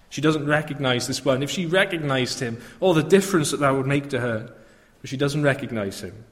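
A man preaching a sermon in a reflective manner, often turning to rhetorical questions. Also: mid-range voice. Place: church. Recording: long reverb of a church.

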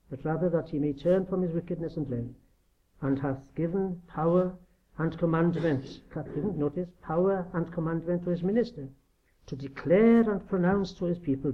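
Preacher, male, slightly high voice, earnest and emphatic, dull lo-fi tape. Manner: earnest, emphatic, with rhetorical questions. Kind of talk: sermon. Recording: dull lo-fi recording.

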